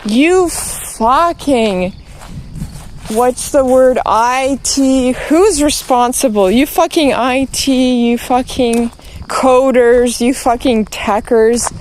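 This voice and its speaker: A woman's voice: high-pitched, fairly even intonation, slow pace, darkish tone, a little hiss or hum. A woman streamer ranting, exasperated and profane, rambling along with many restarts. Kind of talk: ranting to camera.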